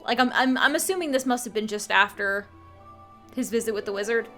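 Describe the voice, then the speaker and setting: A woman's voice: a little high, a little fast, fairly bright tone, soft background music. Chatty woman recapping a game story. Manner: chatty, full of fillers and restarts. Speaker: game channel host.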